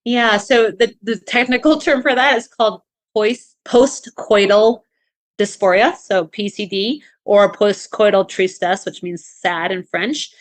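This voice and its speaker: A woman's voice: mid-range voice, no room sound. A woman co-hosting a podcast, giving casual advice in a chatty way with many fillers and restarts. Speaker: podcast co-host.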